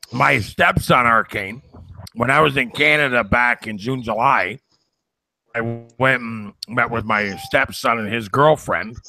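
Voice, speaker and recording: A man with a gravelly, forceful voice tells a story with earnest conviction, now and then sliding into a sermon-like push. The sound is dry and close. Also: mid-range voice, no echo. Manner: earnest storytelling, builds to preaching. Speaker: co-host. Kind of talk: casual chat, preachy at times.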